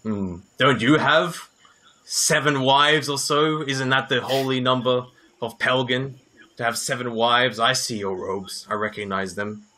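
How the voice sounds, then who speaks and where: A man's voice: medium pitch, fairly even intonation, unhurried, sharp tone. A man doing a nosy, teasing companion. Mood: curious.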